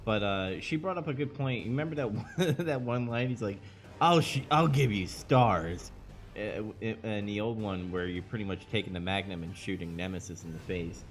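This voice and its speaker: A man's voice: on the low side, fairly quick, few pauses. A man co-hosting a casual podcast about a video game, talking in a rambling, hesitant way. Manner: rambling, hesitant, many fillers and restarts. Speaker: podcast co-host.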